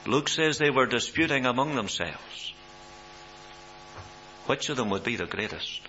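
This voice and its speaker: A man preaching a sermon, swelling in pitch and loudness for emphasis, on a dull recording with mains hum. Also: animated, measured pace.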